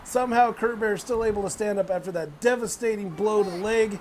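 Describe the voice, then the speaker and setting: A young man giving excitable play-by-play wrestling commentary, swearing, laughing and bursting into loud exclamations. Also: high-pitched, fast talker, a little hiss or hum. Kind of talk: play-by-play commentary on a video game wrestling match.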